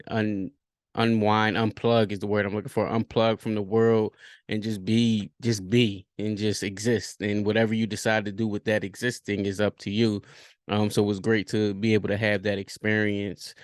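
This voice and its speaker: Low, smooth-voiced man thinking aloud. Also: no room sound, studio quality. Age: 30s. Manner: rambling, thinking aloud with many fillers and restarts. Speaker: podcast host. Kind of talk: reflective solo podcast talk.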